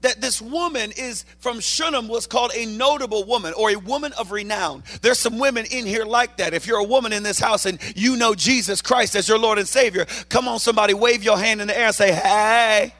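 A man preaching a lively sermon to a church congregation, reading scripture and making playful asides, with a loud, animated delivery. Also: high-pitched, fairly quick, hardly any pauses. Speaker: guest preacher.

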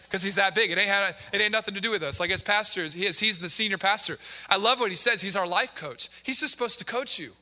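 A male pastor in full sermon mode, preaching with emphasis and repetition and firing questions at the congregation. His voice sits high and sounds very bright and forceful. Long church reverb trails behind every phrase. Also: fast talker, few pauses. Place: church sanctuary.

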